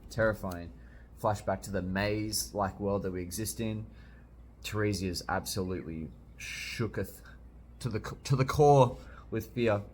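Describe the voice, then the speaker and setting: A man's voice: on the low side, unhurried, darkish tone, slight background noise. A young man casually reviewing a comic, reacting with jokes as he reads along. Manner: chatty, jokey, reacting while reading aloud. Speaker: manga reviewer. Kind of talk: casual read-along commentary.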